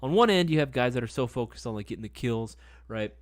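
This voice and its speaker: A man's voice: medium pitch, expressive, fast talker, no room sound. A young man chatting casually on a live stream, loose and slangy, always checking in with "right?". His voice sits in a middle range. The sound is dry and close, with no room around it. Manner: laid-back, slangy, lots of "right?" and "man". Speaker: livestream host.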